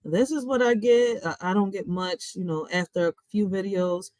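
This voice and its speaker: A woman talks bluntly to her viewers while reacting to a news clip. Her voice sits mid-range and the room sounds dry and close. She keeps a chatty, animated tone. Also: medium pitch, normal speed, no room sound, poor audio. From Philadelphia, USA. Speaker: host of a reaction channel. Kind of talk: casual reaction commentary.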